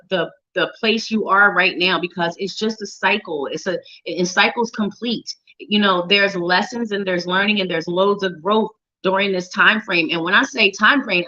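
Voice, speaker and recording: A woman's voice: on the low side, sharp tone. A woman giving tarot readings on a live show, chatty and playful, talking straight to viewers by name and humming little tunes. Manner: hums and sings little tunes while shuffling. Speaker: psychic reader on a live show. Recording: dull lo-fi livestream audio.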